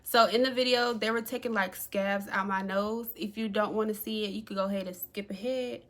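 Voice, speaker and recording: A young woman telling a personal story to camera in a chatty, animated way. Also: a little fast. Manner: animated, chatty, acts out quotes with big jumps in pitch. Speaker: vlogger.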